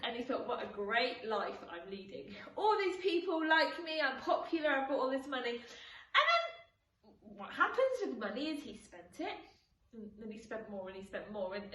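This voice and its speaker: A woman who leads a children's church session, retelling a Bible story with lively, expressive delivery. Her voice is bright and a little high. It rings through an echoey room, picked up from a distance.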